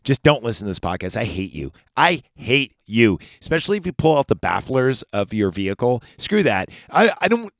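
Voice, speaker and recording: A man talks through a film recap in a loose, profane podcast style. He keeps wandering off into heated rants before he comes back to the story. His mid-pitched voice sounds close and dry, with no room echo. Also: very animated, a little fast, gravelly, few pauses. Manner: profane, rambling, ranting asides. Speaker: podcast host. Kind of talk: casual movie recap podcast.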